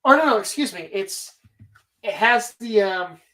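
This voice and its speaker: A woman's voice: mid-range voice, expressive, a little slow, sharp tone, low-quality recording. A woman hosting a casual movie bracket show, talking animatedly and rambling, swearing freely as she argues her picks. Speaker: podcast host.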